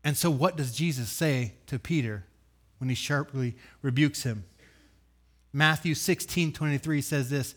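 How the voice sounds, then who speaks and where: Animated male preacher, higher voice. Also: normal speed. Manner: animated storytelling, acts out voices with sudden loud bursts; dry humor asides. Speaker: pastor. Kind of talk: sermon.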